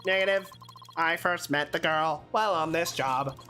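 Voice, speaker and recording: A cold bomb specialist, as read by a woman, speaks in clipped, monotone bursts like a machine. Her tone stays somewhat low and even, with quiet music underneath. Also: moderate pace. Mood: deadpan. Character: flat robotic male bomb expert.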